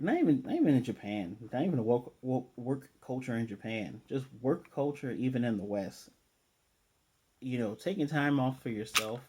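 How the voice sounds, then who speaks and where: A man casually recapping and reviewing an anime episode, rambling and slipping into quick quoted lines of dialogue. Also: mid-range voice, mellow, breathy edge. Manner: rambling, retells scenes with quick quoted voices.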